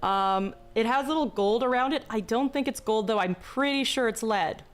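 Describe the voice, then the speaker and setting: A young woman streaming, speaking in a slow, deliberately calm, mock-soothing way with a touch of vocal fry, joking with chat. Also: a little high. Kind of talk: casual live-stream chat. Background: faint background music.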